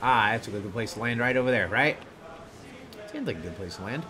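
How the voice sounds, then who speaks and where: Crowd noise surrounds this animated, medium-pitched man as he gives let's-play commentary as a gaming streamer. Casual joking gives way to quick-tempered, furious swearing at the enemies.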